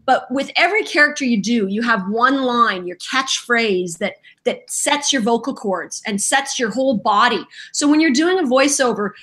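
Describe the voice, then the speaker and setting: Lively woman guest, bright high voice, acts out every quote. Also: moderate pace, few pauses. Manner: animated storyteller, acts out quotes. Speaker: voice actress guest. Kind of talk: casual interview chat.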